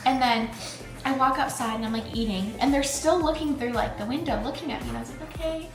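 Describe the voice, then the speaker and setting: A woman's voice: high-pitched, quick pace. A young woman co-hosting a casual chat while eating, rambling hesitantly with constant "like"s and restarts. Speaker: channel co-host. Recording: echoey room with clear music behind.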